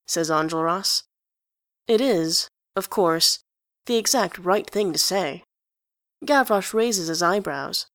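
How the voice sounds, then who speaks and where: A woman narrating a story aloud in an even storytelling delivery. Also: lowish voice, slow, no echo, clean studio sound. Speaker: reader.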